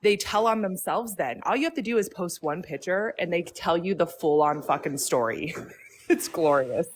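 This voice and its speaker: A woman with a low-ish voice chats on a livestream. She talks gleefully and swears often, with laughing asides. A faint background noise sits under her voice. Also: animated, normal speed. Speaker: livestream guest. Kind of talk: casual livestream chat.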